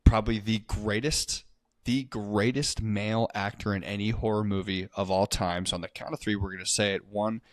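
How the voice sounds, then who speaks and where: A man's voice: lowish voice, normal speed, no room sound. A man co-hosting a casual horror movie podcast, swearing and joking as he retells a film's plot. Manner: crude, joking, animated storyteller. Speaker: podcast co-host. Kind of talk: casual movie review chat.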